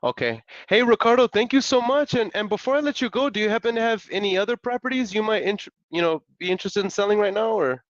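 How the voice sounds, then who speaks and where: Excitable young man host, slangy and upbeat. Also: high voice, fast, hardly any pauses, dry recording. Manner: excitable, slangy, laughs often. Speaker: live-stream host making real estate calls. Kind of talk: casual live-stream chat. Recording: dull lo-fi dry sound.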